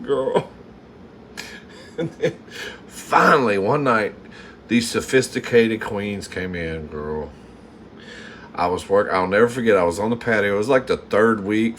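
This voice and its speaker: Live-stream host, campy man, lowish voice, faint room hum behind. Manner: animated, campy, laughs often, mimics customers. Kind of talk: casual storytelling to live chat. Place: home kitchen.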